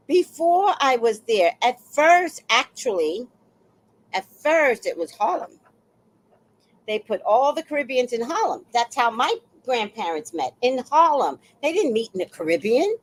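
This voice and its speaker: A woman in her sixties hosting reaction commentary, animated and playful, who often repeats her phrases. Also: a little high, unhurried. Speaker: host.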